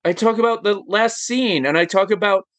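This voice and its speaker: A man talking as a podcast guest in casual chat, animated and emphatic, firing off rhetorical questions. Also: high voice, brisk, dry recording.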